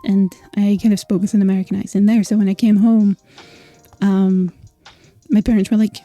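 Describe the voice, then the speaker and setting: A woman's voice: mid-range voice, fairly even intonation, fairly quick, mellow, faint music behind. A young Scottish woman streaming, chatting casually with viewers and laughing often. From Scotland. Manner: chatty, laughing, filler-heavy.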